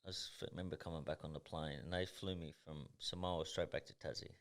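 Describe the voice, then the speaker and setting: A man's voice: a bass voice, fairly even intonation, fast talker. An Australian man in his thirties, a professional boxer and podcast guest, telling stories in a blunt, intense and heavily profane way. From Tasmania, Australia. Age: 30s. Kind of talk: casual podcast storytelling.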